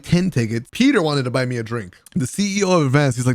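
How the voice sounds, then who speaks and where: A gaming content creator telling a casual vlog story about a party, excitable and profane, often laughing and using slang. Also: male voice, medium pitch, quick pace, no room sound.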